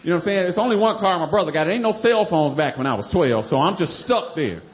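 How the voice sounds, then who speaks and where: Animated man. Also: high voice, fast. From Detroit, USA. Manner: animated, laughing through lines, acting out voices. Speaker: stand-up comic telling a story. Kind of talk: live storytelling on stage. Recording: roomy, muffled live recording with noise.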